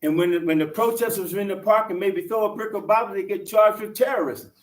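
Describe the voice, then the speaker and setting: Fiery older man, high voice. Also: fairly quick, reverberant, far from the mic, rough recording. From United States. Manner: fiery, preacherly, addresses crowd as sisters and brothers. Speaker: conference speaker, activist. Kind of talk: impassioned conference speech.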